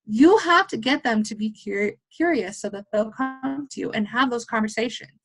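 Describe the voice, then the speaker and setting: Fast-talking, blunt high-voiced woman. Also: soft background music. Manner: fast, blunt and animated, swears casually. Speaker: guest speaker on a team call. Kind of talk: motivational coaching talk.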